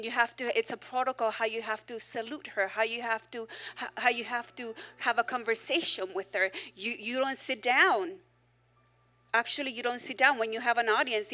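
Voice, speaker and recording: A woman pastor with a slightly high voice preaches a sermon in an animated, conversational style, tossing joking asides to the congregation.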